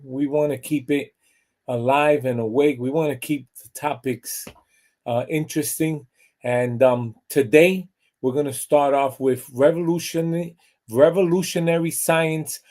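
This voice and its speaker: A man hosting a pet show in an upbeat, loud way and reading animal jokes. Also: mid-range voice. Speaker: show host.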